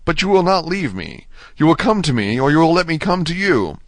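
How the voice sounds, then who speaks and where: A man's voice: fairly high pitch, big pitch swings, fairly quick, a bit bright, dry recording, voice pushed up. A man voicing a young male prisoner in his twenties, pleading urgently in an audiobook reading. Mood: eager. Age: 20s.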